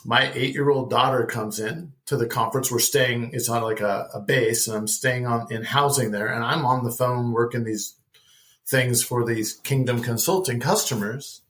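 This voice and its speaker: A middle-aged man telling a personal faith story as a podcast guest, lively and acting out the dialogue he recounts. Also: mid-range voice, moderate pace. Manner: animated storyteller who acts out dialogue.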